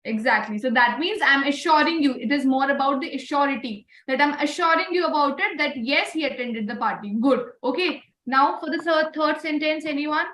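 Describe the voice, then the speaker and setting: High-voiced woman coaching a class. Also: brisk, hardly any pauses, a bit bright. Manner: encouraging, repeats praise, mixes in Hindi. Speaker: voice and communication trainer. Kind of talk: online class. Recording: roomy echo.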